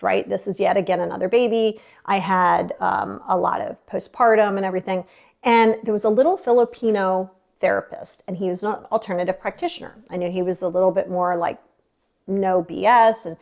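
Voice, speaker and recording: A woman in her thirties, speaking as a podcast guest. Her voice has a gravelly, fried edge and a middle pitch. She tells her story candidly and expressively, acting out other people's lines as she goes. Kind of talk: casual storytelling.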